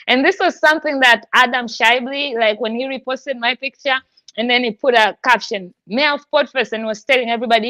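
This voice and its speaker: A woman's voice: sits high, moderate pace, bright, forceful tone, no echo. A woman hosting a podcast, talking in an effusive, heartfelt way and laughing often. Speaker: podcast host. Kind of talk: emotional casual chat.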